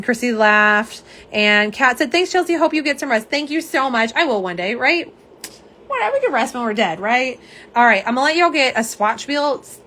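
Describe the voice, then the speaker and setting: A young woman hosting a casual live stream, slightly hoarse, chatty and self-deprecating as she talks to viewers. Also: fairly high pitch, pushed and bright, slight background noise. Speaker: live stream host showing nail polish swatches.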